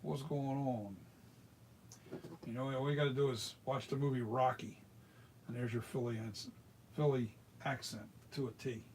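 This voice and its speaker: A talkative American man walks through a hands-on workshop tutorial in an easygoing, rambling way. His voice sits at a middle pitch, and he often restarts his sentences. A faint hiss of noise runs underneath. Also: steady tone, normal speed, darkish tone. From United States. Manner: chatty and rambling, with frequent restarts. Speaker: mask maker demonstrating. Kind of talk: hands-on tutorial, casual chat.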